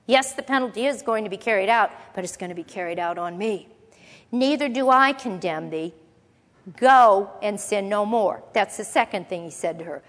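A woman teaching a conversational Bible lesson, reading verses and explaining them with relaxed, playful asides. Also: on the high side. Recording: long reverb of a large hall.

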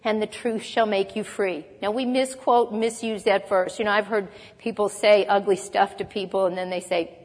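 A woman's voice: mid-range voice, fairly even intonation, a little slow. Woman teaching scripture in a reverberant hall. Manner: earnest teaching, reads scripture aloud, occasional light laugh. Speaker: Bible teacher. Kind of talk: sermon.

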